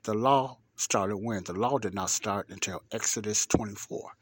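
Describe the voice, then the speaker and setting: A man giving a podcast Bible teaching. He reads scripture slowly and deliberately, repeats key words for emphasis and asks rhetorical questions. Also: lowish voice, fairly bright tone, breathy edge.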